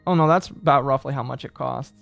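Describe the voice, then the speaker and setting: A man's voice: mid-range voice, quick pace, vocal fry, no room sound, soft background music. A man streaming, chatting casually and reading messages aloud, rambling and trailing off mid-thought.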